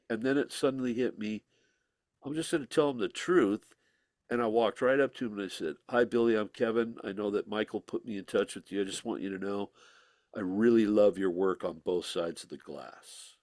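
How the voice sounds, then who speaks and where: A man telling stories as a guest in an interview, animated and laughing, slipping into voices when he quotes people. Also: on the low side, normal speed, dry recording, studio quality. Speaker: musician guest. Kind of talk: casual storytelling interview.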